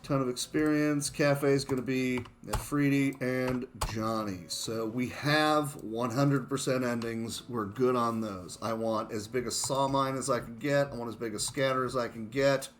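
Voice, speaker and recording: A man's voice: mid-range voice, fairly even intonation, a little slow, hardly any pauses, slight background noise. A man giving casual, self-mocking commentary on his own speedrun of a shooter game, chuckling often.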